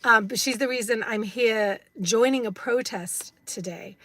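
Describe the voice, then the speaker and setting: A woman's voice: on the high side, unhurried, few pauses, pushed and bright, dry recording. Rambling English-accented woman in her fifties. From United States. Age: 50s. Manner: rambling, chatty, many fillers. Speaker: live streamer. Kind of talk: casual live-stream chat. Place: inside a parked car.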